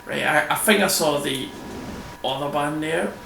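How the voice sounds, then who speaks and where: Unhurried and on the high side, with vocal fry, a man narrates his gameplay in a rambling, casual way. He curses and laughs a lot. The desk microphone picks up an echoey room and a faint hum.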